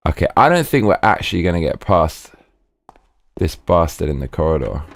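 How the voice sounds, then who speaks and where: A deep-voiced man commentates live on a horror game, excitable and foul-mouthed. His pitch swings wildly, and he breaks into sudden high-pitched yelps. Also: moderate pace, gravelly, no echo, faint music behind. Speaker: game streamer.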